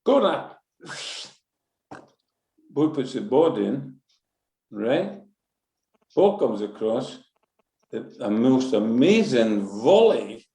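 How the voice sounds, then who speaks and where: A Scottish man, a former football manager, telling lively anecdotes in an interview and acting out what people said. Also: medium pitch, takes it slowly, long pauses. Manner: lively anecdotal, acts out quotes, swears. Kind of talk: animated storytelling interview. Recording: roomy echo.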